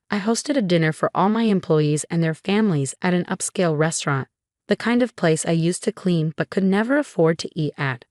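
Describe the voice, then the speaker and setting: A woman narrating a scripted first-person story in a measured, even way. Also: fairly low pitch, no room sound, clean studio sound.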